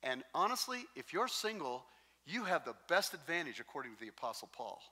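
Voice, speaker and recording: A man preaching a sermon as pastor, telling stories in a lively, joking way. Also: fairly high pitch, brisk. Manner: animated, jokey storytelling. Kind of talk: sermon with storytelling. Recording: long reverb in a large hall.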